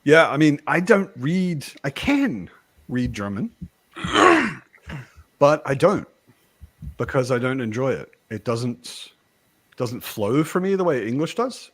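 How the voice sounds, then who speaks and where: A man born in the United States hosting a casual live chat, talking in an animated way with frequent restarts. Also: mid-range voice, takes it slowly, long pauses. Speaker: host.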